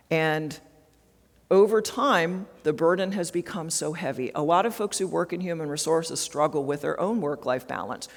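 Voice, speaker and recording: Woman HR trainer in an echoey hall. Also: low-pitched. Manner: checks in with the audience with frequent tag questions. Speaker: HR trainer speaking at a conference. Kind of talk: interactive workshop presentation. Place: large conference hall. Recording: long hall reverb.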